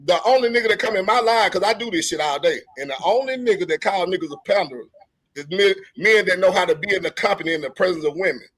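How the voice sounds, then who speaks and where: Fast-talking, high-voiced combative man. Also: expressive, a bit bright, slightly rough, no room sound. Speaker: panel guest. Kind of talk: heated panel argument.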